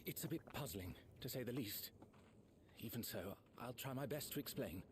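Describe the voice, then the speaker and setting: An actor playing a formal, measured man in voiced game dialogue, calm and deliberate. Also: medium pitch, noisy background, close to an everyday voice. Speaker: game character. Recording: game audio over loud music.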